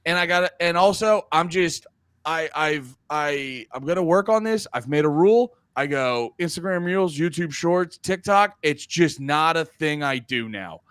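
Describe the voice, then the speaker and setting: Thirties male podcast co-host, fairly high and very lively delivery, rambling and profane, dry close sound. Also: clean tone, no room sound. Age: 30s. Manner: rambling, animated, swears a lot, stammers on restarts. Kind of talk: casual chat.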